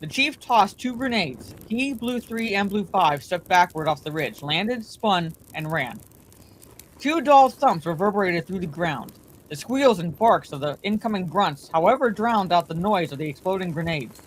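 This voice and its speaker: A woman reading a bedtime story aloud in a steady, plain way, her voice slightly congested from allergies. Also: fairly low pitch, normal speed, a little hiss or hum, low-quality recording.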